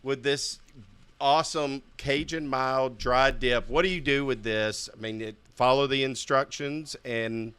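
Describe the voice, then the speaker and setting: A man's voice: medium pitch, steady tone, a little slow, fairly bright tone, clean tone, no echo. A man co-hosting a podcast, chatting casually and animatedly with a guest, laughing often. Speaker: podcast co-host.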